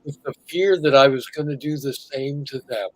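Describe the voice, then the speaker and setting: A middle-aged podcast co-host speaks at medium pitch and a moderate pace, candidly recounting a painful memory in conversation. His emotional storytelling sinks almost to a whisper at the heaviest moments, on a rough recording with slight background noise.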